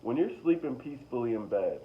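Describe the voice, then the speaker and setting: A young man talking casually to his viewers about spiritual awakening, rambling and repeating himself, with slow emphatic stretches. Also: mid-range voice, sing-song, highs cut off, a little hiss or hum. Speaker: spiritual vlogger. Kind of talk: casual motivational monologue.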